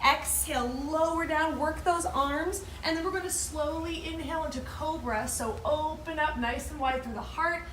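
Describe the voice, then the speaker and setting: A woman leading a yoga class, calmly cueing poses and breaths and cheering her viewers on. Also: sits high, normal speed, hardly any pauses, a little hiss or hum. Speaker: yoga instructor. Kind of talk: guided yoga instruction. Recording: roomy echo.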